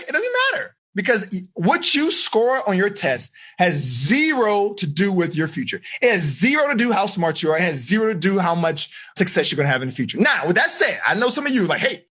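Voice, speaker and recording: Life coach, male, husky, animated delivery; slangy and upbeat with teen students in a live online seminar. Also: sits high. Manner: energetic, slangy, talks straight to the kids.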